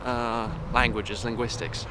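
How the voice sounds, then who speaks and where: A man's voice: medium pitch, steady tone, a little slow. A young man, not a native English speaker, chatting wryly and rambling as he vlogs while walking outdoors. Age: young adult. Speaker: vlogger. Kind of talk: walking vlog. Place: outdoors on city streets. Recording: loud street noise outdoors. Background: loud traffic and street noise.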